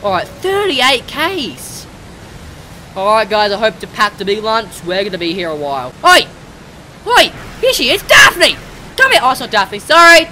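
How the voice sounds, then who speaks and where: A woman gamer giving casual let's-play commentary, chattering to game characters and breaking into excited shouts. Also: fairly high pitch, normal speed, a little hiss or hum.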